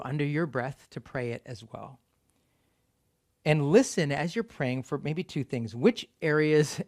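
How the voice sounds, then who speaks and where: Male pastor, gravelly, mid-pitched; measured sermon delivery with phrases that fade at the ends. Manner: slow measured reading, trailing off softly at line ends. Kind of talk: sermon, leading a prayer.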